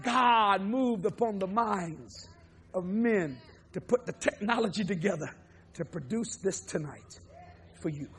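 A man preaching a televised sermon, swinging from low murmurs to loud shouting. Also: expressive, unhurried, slightly rough.

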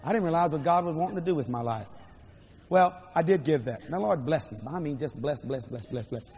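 An older man preaching a storytelling sermon in a large hall, animated and playful with dramatic swings. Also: on the high side, brisk, a little hiss or hum. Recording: echoey hall, faint crowd ambience.

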